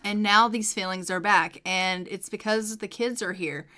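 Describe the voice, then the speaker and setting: A woman's voice: mid-range voice, moderate pace, sharp tone, close to an everyday voice. A woman voicing an anxious, overwhelmed young mother in a life-sim game, speaking in a fretful, self-doubting way. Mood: upset. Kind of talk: let's play narration.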